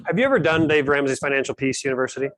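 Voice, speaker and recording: A man's voice: mid-range voice, expressive, rapid-fire, a bit bright. A man hosting a casual team meeting on budgeting, calling on people by name. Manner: upbeat, calls on people by name. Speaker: host of a team finance meeting. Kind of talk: casual group discussion.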